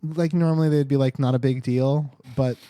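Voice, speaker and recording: A man's voice: mid-range voice, steady tone, normal speed, mellow, clear, resonant tone, no echo. A man running a tabletop game as game master, narrating loosely with many fillers and restarts.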